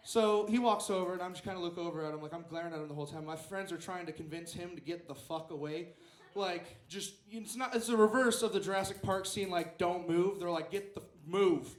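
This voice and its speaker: A man's voice: sits high, fairly quick, hardly any pauses, roomy sound. A young man telling a rambling story at an open mic stand-up set, acting out the quotes. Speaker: stand-up comedian. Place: small club stage.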